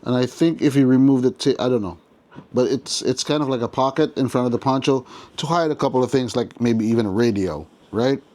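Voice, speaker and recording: A man's voice: medium pitch, a little fast, darkish tone. A man giving casual unboxing commentary as a toy reviewer, chatty and enthusiastic, often restarting his sentences.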